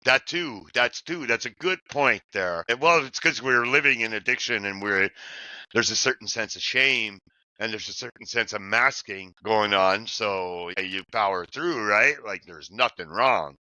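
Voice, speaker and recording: Bright, low-voiced middle-aged man. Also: normal speed, no room sound. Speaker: podcast co-host. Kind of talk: casual recovery chat.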